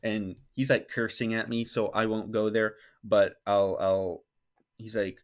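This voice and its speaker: Speaking a little slowly in a lowish voice with little pitch movement, a man hosting a podcast recounts a personal story. It's casual and rambling, heavy on "like," with quotes acted out.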